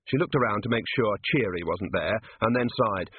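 A man reading a story aloud as scripted narration, dry and even. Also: on the low side, normal speed, slight background noise. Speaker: audiobook reader. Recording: dry, tinny phone-like sound.

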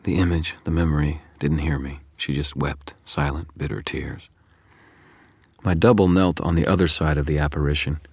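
A man narrating a first-person story in a measured, even way. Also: extremely low pitch, breathy edge, no room sound, clean studio sound. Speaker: audiobook narrator.

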